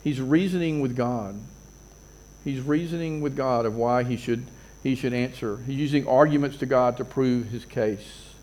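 A man's voice: medium pitch, normal speed, darkish tone. A man preaching a sermon as a pastor, earnest, repeating phrases and building emphasis.

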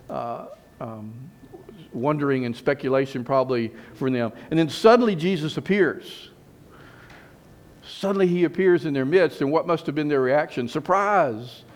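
A middle-aged man preaching a sermon in a conversational way, repeating phrases and rising for emphasis. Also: a little high.

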